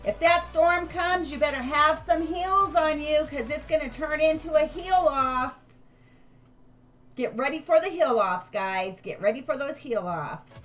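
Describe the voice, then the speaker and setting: A woman's voice: sits high, a little slow, fairly bright tone, soft background music. An older woman live-streaming a game, chatting with viewers and thanking them by name.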